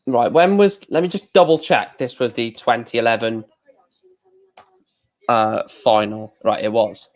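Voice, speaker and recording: A man hosting a live stream, chatting casually and excitedly to his viewers. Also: mid-range voice, measured pace.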